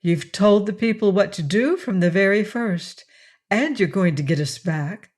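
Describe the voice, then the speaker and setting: A woman's voice: medium pitch, expressive, unhurried, darkish tone, natural voice. A woman voicing a shy, devoted young secretary in an audiobook, earnest and stammering when flustered. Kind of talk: audiobook character reading.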